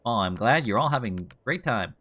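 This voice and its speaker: A man's voice: mid-range voice, animated, brisk, fairly bright tone. A man doing casual, jokey commentary over a game he is streaming, often laughing as he talks. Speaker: let's play streamer.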